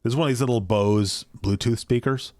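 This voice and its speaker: A man's voice: mid-range voice, fairly quick, darkish tone, dry recording, clean studio sound. A man co-hosting a podcast from his small home basement, chatting casually in a rambling, self-deprecating way, apparently over a video call. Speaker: podcast co-host. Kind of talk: casual chat.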